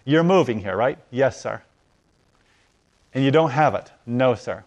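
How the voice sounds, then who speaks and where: A man telling a story in conversation, acting out the dialogue as his voice swings from loud to hushed. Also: mid-range voice, measured pace, muffled recording. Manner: animated, acts out dialogue with voice rising and falling. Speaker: guest telling a testimony.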